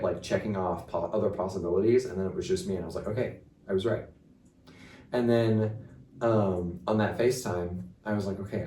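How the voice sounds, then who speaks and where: A young man telling a story in casual chat, animated and full of filler words. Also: deep voice. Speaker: guest. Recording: roomy, distant mic.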